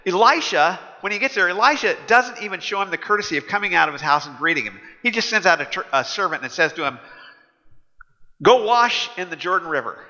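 A man's voice: high-pitched, expressive, quick pace, few pauses, sharp tone. A man preaching a sermon in a conversational, humorous way, chuckling as he tells stories. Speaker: pastor. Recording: dull echoey hall.

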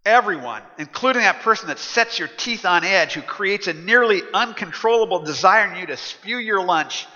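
A man's voice: high voice, expressive, moderate pace, few pauses, bright, forceful tone. A man, a pastor, giving a casual storytelling sermon full of fillers. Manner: conversational storytelling with frequent fillers. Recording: muffled sound in a large echoing hall.

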